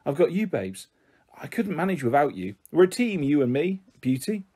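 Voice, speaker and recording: A man voicing a cheerful, pushy mother who talks warmly and coaxingly in a storybook reading. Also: a little high, sing-song, normal speed, husky.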